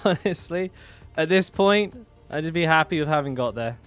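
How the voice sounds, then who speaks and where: A man's voice: on the high side, lively intonation, moderate pace, fairly bright tone, clear, resonant tone, soft background music. Chatty man streaming a game. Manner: chatty, rambling, restarts sentences, laughs often, swears casually. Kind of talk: casual live-stream commentary.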